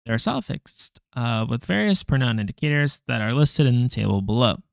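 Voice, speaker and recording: A man working through a language lesson out loud, halting, correcting himself and making wry asides. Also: mid-range voice, big pitch swings, vocal fry, no echo, clean studio sound. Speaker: language learner vlogger. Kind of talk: thinking-aloud study session.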